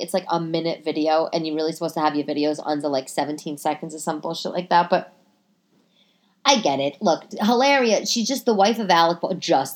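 Rambling, profane woman podcaster at home. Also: fairly low pitch. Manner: rambling, profane and self-mocking, with frequent restarts. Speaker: podcast host. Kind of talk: casual comedic monologue. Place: her home living room. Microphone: computer microphone.

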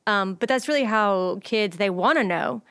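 A woman's voice: mid-range voice, moderate pace, fairly bright tone, clean tone, no room sound. A woman hosts a casual podcast, with a mid-range voice and a conversational manner. The sound is dry and close. She talks easily with her guests. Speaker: podcast host.

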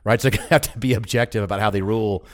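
A man co-hosting a podcast in casual chat, dropping wry, deadpan quips. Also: on the low side, very fast. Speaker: podcast co-host.

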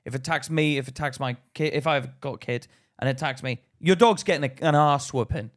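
A man's voice: mid-range voice, fast. A young man from Northern Ireland with a Northern Irish accent, co-hosting a podcast and ranting bluntly with heavy swearing. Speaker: podcast co-host. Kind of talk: casual banter.

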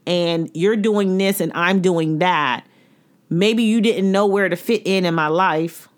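A woman's voice: fairly low pitch, slow. A young adult woman co-hosting a podcast, talking in an emphatic, informal way with mild cursing. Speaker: podcast co-host. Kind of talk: casual chat.

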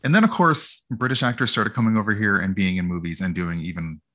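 A man with a very low yet bright, forceful voice talks in a loose, rambling way. He sounds self-deprecating as a guest on a casual gaming podcast, and he picks up energy when something amuses him. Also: fast talker. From United States. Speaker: guest streamer.

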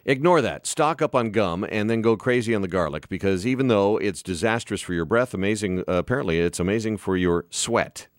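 A man's voice: on the low side, a little fast, hardly any pauses, no echo, clean studio sound. A man hosting a radio talk show, bantering casually and poking fun at himself. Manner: self-deprecating, jokey, animated. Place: radio studio.

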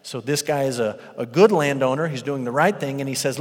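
Animated male preacher in a reverberant hall. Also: mid-range voice, fairly quick, few pauses. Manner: animated storyteller, acts out the workers' voices. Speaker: pastor. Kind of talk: sermon. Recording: long reverb of a large hall.

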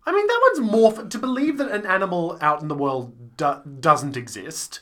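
A man's voice: sits high, expressive, normal speed, pushed and bright. A young man co-hosting a podcast, chatting casually with dry, teasing remarks. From Australia. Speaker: podcast co-host. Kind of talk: casual chat.

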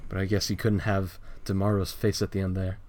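Man, lowish pitch, casual, laughs often, swears, faint noise behind. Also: a little fast. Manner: laughs often, swears freely, animated storytelling. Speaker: podcast host reading a comic. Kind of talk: casual chat.

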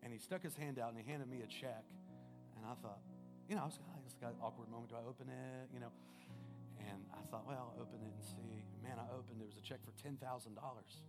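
Male pastor, earnest sermon storyteller, mid-pitched voice, soft guitar behind. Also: fast. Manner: storytelling, earnest, sways between loud and hushed. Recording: music playing behind the voice.

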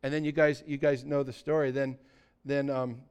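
A man preaching a sermon, telling a scripture story with lively asides and acted-out quotes. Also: medium pitch, moderate pace, clear, resonant tone. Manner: animated storytelling, acting out quotes. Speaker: pastor.

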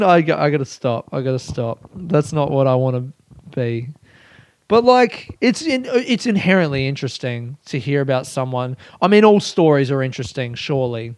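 A man's voice: medium pitch, animated, moderate pace, no room sound. Aussie comedian guy rambling on his podcast, swears constantly, flares up into rants, close dry mic. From Australia. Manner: rambling, swears a lot, bursts into loud ranting. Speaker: stand-up comedian. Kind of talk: casual podcast monologue.

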